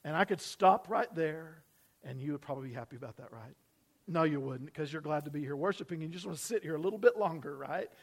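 High-voiced man preaching slowly. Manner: repetitive emphatic preaching, slows down on key phrases. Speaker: pastor. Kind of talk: sermon. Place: church sanctuary.

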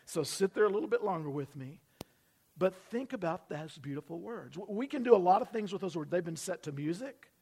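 Guy pastor preaching in church, highish voice, leans hard on repeated lines and slows way down on them. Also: expressive, darkish tone, husky. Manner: repetitive emphatic preaching, slows down on key phrases. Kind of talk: sermon. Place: church sanctuary.

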